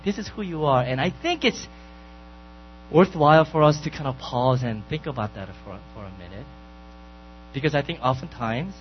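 A man preaching a sermon, moving from quiet reflection to loud, emphatic declarations, recorded with a dull sound and a mains hum. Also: medium pitch. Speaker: pastor.

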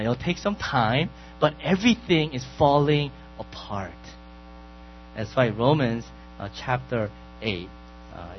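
A man preaching a sermon, moving from quiet reflection to loud, emphatic declarations, recorded with a dull sound and a mains hum. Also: medium pitch. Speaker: pastor.

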